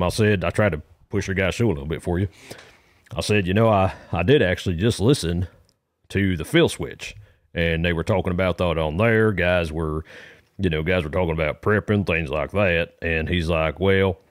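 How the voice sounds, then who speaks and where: A man's voice: deep voice, no room sound, clean studio sound. A man calling in to a comedy podcast, telling a meandering story in a folksy manner with rural grammar. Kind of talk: rambling comic monologue.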